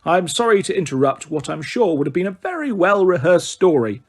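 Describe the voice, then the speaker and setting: A man's voice: high voice, lively intonation, brisk, husky, voice pushed up, exaggerated voice. A man voicing a smug, pompous middle-aged official who speaks in a lofty, snappish way.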